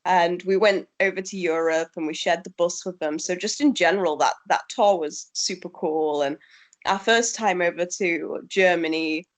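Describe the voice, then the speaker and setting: Woman rock musician, slightly low voice, relaxed and chatty interview guest who laughs often. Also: moderate pace. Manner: easygoing, chatty, laughs often, many ums. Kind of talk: casual interview chat.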